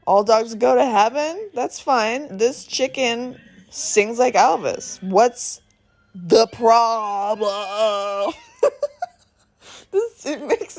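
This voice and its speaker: A woman in her thirties reviewing a film in a phone voice memo, talking in an excited, rambling way and swearing often. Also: fairly high pitch. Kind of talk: casual voice memo rant.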